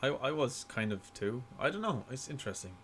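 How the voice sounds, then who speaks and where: A man hosting a casual podcast, chatting excitably and breaking into laughter. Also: medium pitch, brisk, husky.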